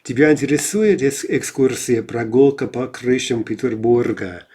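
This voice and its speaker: A man's voice: mid-range voice, moderate pace, warm tone, husky. A man teaching a language lesson in a casual, explanatory way, reading out numbered example sentences and checking in with frequent "right?".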